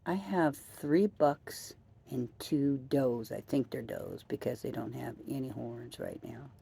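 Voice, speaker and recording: A weary woman with a gravelly edge talks in a mellow, unhurried ramble, drifting from thought to thought as she hosts her podcast. She sounds outdoors at night and amuses herself as she goes. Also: extremely low pitch. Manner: rambling, musing, self-amused. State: tired. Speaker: podcast host. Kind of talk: casual rambling chat. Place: outdoors at night by trees and floodlights.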